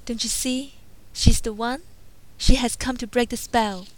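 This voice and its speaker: Woman doing an excited enchanted candle stand. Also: a little high, unhurried, close to an everyday voice, rough recording. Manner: excited and eager. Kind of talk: storybook read-aloud.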